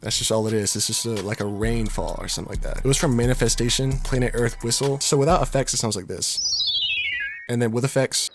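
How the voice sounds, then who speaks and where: A man's voice: mid-range voice, steady tone, fast talker, very noisy. A man casually explaining how he builds a beat, in a laid-back way with lots of fillers and slang. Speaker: beat-making tutorial host. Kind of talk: casual screen-recorded tutorial. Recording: music playing clearly behind voice. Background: beat music.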